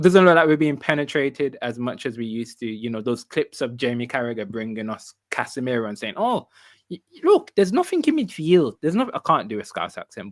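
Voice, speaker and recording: A relaxed man hosts a football fan livestream, chatting casually and repeating his phrases. His pitch sits mid-range. The sound is dry, with no room. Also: no room sound. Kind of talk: casual chat.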